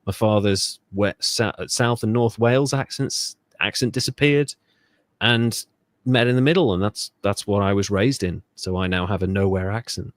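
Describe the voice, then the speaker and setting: A man's voice: on the low side, normal speed, no echo, studio quality. A man from Britain co-hosting a history podcast, telling the story in a sardonic, profane, rambling way. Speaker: podcast co-host. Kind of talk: casual podcast chat.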